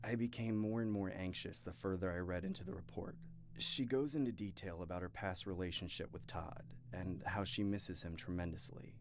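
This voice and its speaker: A man reading scary stories aloud in first person at a steady pace, with a few asides of his own. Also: low-pitched, normal speed, background noise. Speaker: horror story narrator. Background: faint music.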